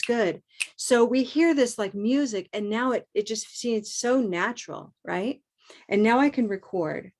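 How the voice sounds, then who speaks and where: A woman's voice: on the high side, a little slow, a little mellow. A woman teaching a live online pronunciation class, upbeat and encouraging, modeling rhythm by chanting along.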